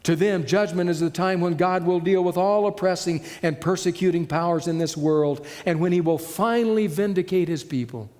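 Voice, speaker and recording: A man's voice: sits high, normal speed, hardly any pauses. Preacher man in a reverberant hall. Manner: dramatic shifts between loud and hushed delivery. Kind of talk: sermon.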